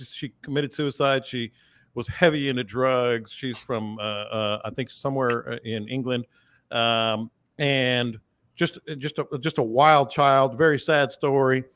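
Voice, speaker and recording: A man hosts a fishing talk show and tells anecdotes in easy, conversational speech. His voice sits in a middle pitch and jumps up sharply when something surprises him. The recording is dry and close, with no room sound. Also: dry recording. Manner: animated storyteller, pitch jumps up for emphasis. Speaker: podcast host. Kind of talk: casual storytelling chat.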